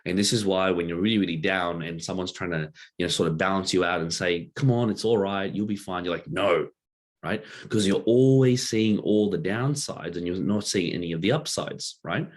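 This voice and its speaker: Husky deep-voiced man teaching casually. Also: fairly quick, hardly any pauses. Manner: loose and conversational, many fillers and rhetorical "right?"; drawing a diagram while explaining. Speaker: workshop presenter.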